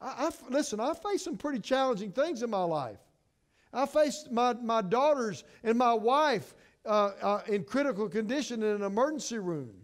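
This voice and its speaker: High-voiced, lively man preaching. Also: moderate pace. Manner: passionate preaching, swings from hushed to emphatic; repeats and restarts words. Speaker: pastor. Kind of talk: sermon.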